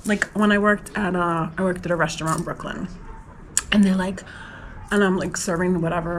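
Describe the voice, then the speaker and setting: A woman's voice: fairly low pitch, steady tone, brisk, slight background noise, low-quality recording. Chatty New woman vlogger. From New York, USA. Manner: emotional, rambling, lots of "like" fillers. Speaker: travel vlogger. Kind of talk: casual personal vlog.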